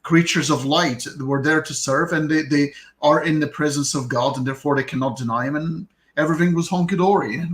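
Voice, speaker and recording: A male host adds short, considered remarks to a casual discussion. His voice sits a little high for a man. The room around him echoes noticeably. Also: brisk, few pauses, a bit bright.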